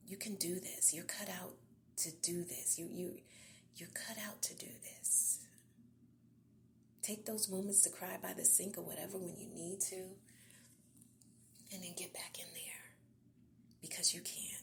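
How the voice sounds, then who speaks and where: A woman podcast host, giving an encouraging devotional talk in a soft, half-whispered, earnest voice. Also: on the low side, fairly even intonation, unhurried, creaky, long pauses.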